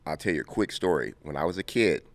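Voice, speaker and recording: A man in his fifties from Compton, telling stories as an interview guest, animated and quick to laugh. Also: low-pitched, no room sound. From Compton, California. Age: 50s. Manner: animated, laughing storyteller who acts out scenes. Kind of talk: casual interview storytelling.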